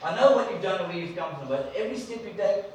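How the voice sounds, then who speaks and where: A man's voice: sits high, expressive, fast, a little mellow, a little hiss or hum. A man preacher voicing God, reassuring and promising support. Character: reassuring, calm divine male voice. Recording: echoey church from a distant mic.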